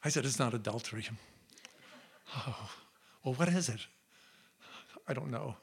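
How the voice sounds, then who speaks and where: A man telling a comic personal story on stage before a live audience, in a playful, animated way. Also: mid-range voice, unhurried, creaky, slightly rough.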